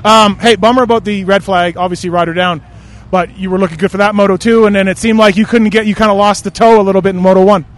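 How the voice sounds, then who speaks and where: A man interviewing a racer outdoors at a track, asking quick questions with a joking manner. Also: high voice, fairly even intonation. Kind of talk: post-race interview.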